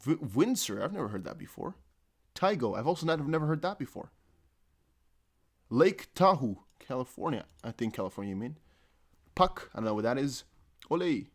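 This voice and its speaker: A man's voice: mid-range voice, very animated, brisk, long pauses. A man with a light Dutch accent who hosts a crypto live stream. He chats casually, reads viewer comments aloud, and often trails off with "I don't know.". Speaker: crypto livestream host.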